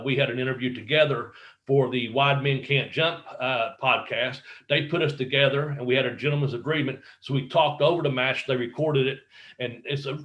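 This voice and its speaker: A man's voice: medium pitch, fairly bright tone, low-quality recording. A middle-aged man, a former pro wrestler, telling backstage stories in a casual interview, acting out quotes, swearing freely and laughing often.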